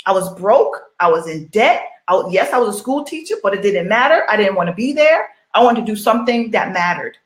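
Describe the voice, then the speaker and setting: A woman's voice: mid-range voice, animated, a little fast, hardly any pauses, reverberant. A middle-aged woman coaching online business, talking casually and repeating rhetorical questions to her viewers. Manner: repetitive, rhetorical questions, chatty. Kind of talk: casual motivational livestream talk.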